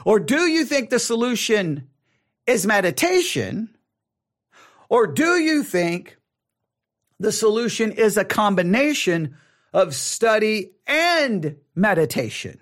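A man's voice: high voice, very animated, slow pace, a bit bright. A man hosting a podcast, teaching on Bible study in an emphatic way and repeating words for stress. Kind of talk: spoken teaching.

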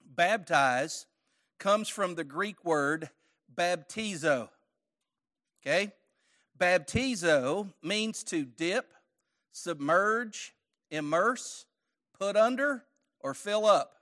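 A man's voice: high voice, expressive, very slow, long pauses, a bit bright. A man teaching a church Bible study lesson, conversational, quizzing his audience with questions and joking lightly.

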